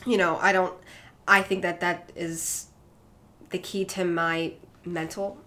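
Low-voiced young woman, rambling and candid. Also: flat delivery, takes it slowly, pushed and bright. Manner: rambling, heavy with "like" and "um" fillers. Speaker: podcast guest. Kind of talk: candid personal conversation.

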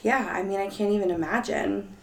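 A woman's voice: mid-range voice, fairly quick, creaky. A woman hosting a podcast, asking encouraging, conversational questions of her guest. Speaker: podcast host. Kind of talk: interviewing a guest. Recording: echoey room.

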